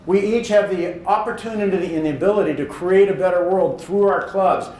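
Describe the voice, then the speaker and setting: This man has a high-pitched, darkish voice. He's a public speaking champion from Indiana, USA, in his thirties, telling stories in a motivational speech to a hall audience and building to emphatic points. Roomy hall echo and faint noise color the recording.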